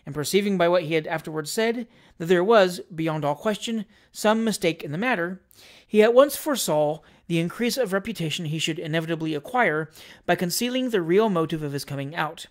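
A podcast reader narrating a classic novel aloud. The delivery is measured and steady, and the asides come out dry and wry. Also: mid-range voice. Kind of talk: audiobook reading of a classic novel.

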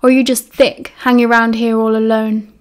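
A woman's voice: on the high side, level tone, a little fast, lightly acted. A woman with a British accent voicing a sneering, unhinged teenage male wizard who taunts and mocks. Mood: taunting. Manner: taunting, mocking.

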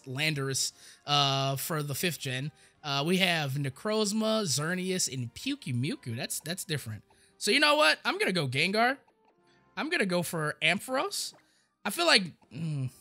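Young man, gameplay commentary, very bright sharp tone, high lively voice, excitable, stammers, faint game music behind. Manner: excitable, rambling, stammers and repeats words. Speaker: gaming YouTuber.

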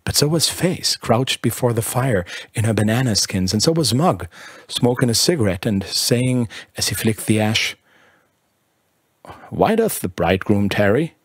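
A man reading a literary short story aloud in a measured, expressive narration. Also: mid-range voice, slightly rough, dry recording, clean studio sound.

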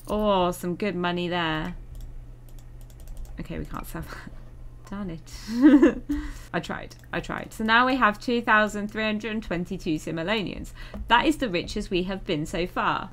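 A woman's voice: on the low side, a bit bright, a little hiss or hum. A young woman chatting casually through a life-sim game, chatty and self-mocking, swearing now and then when annoyed. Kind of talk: casual gameplay commentary.

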